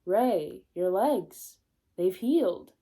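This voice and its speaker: A woman reading the lines of a devoted, formal god-warrior man, slow and old-fashioned in manner. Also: mid-range voice, expressive, mellow. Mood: earnest devoted.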